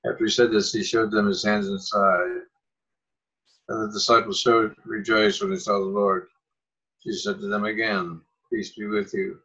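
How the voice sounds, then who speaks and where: A man's voice: on the low side, little pitch movement, moderate pace, pushed and bright, slightly rough, lo-fi sound. A man reading a gospel passage aloud in church. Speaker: gospel reader. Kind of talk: scripture reading.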